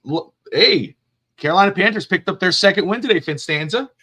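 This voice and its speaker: Lively, bright-voiced male sports host. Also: high-pitched, breathy edge. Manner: rambling, jokey, quick to laugh. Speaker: podcast host. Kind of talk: casual sports talk show.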